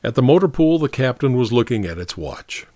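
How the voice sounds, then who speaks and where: A man calmly narrating a story as an audiobook reader. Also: medium pitch, brisk, no room sound, studio quality.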